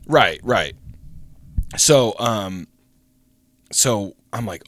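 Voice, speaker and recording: A young man co-hosting a podcast, telling a story in a casual, animated way, swearing often and acting out the voices of people in it. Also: medium pitch, unhurried, dry recording. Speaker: podcast co-host.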